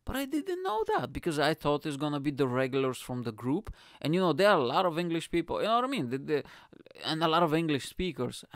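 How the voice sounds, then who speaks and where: A man's voice: a little high, sing-song, quick pace, no room sound, studio quality. A man who does stand-up comedy, telling a rambling, self-mocking story in casual talk, swearing freely and laughing at himself. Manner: laughs at his own story.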